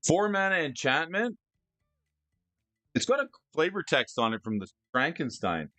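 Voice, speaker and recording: Excitable man with a lively, bouncing voice. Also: fairly high pitch, normal speed, dry recording, soft background music. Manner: excitable, stammering restarts, frequent laughter. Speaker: streamer discussing card prices. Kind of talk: casual live-stream chat.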